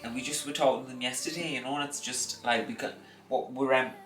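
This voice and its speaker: A man's voice: mid-range voice, fairly even intonation, quick pace, fairly bright tone, roomy sound, soft background music. A man vlogging at home at night, chatting casually and working through a riddle. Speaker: vlogger, co-host. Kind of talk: casual chat.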